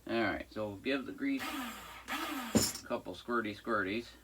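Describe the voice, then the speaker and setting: A man's voice: on the low side, a little slow, background noise. A man who runs a small engine repair shop, giving a casual, rambling how-to with jokey asides while he works at his bench. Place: workshop by a busy road.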